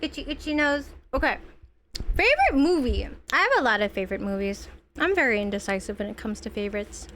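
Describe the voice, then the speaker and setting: Young female streamer, casual scattered chatter; bright, bouncy pitch with a lot of movement. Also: big pitch swings, a little fast, a little hiss or hum. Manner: chatty, scattered, playful reactions to the game. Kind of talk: casual live gameplay chatter. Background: loud background music.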